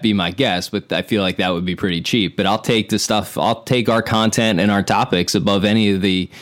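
Man, podcast host, slightly low voice, rambling animated storytelling. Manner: rambling, animated retelling with quoted dialogue. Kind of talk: casual podcast chat, storytelling.

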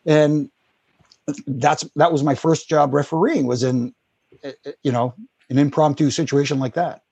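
A middle-aged former wrestling referee, appearing as a guest, rambles through lively anecdotes full of acted-out quotes. His slightly high voice has vocal fry and a bit of roughness, moves at normal speed, and is recorded without echo.

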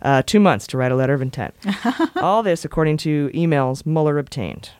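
A woman's voice: low voice, fairly quick, darkish tone, clean tone, no room sound. A woman co-hosting a podcast in casual chat, wry and jokey, breaking into goofy voices and bits of song. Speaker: podcast co-host.

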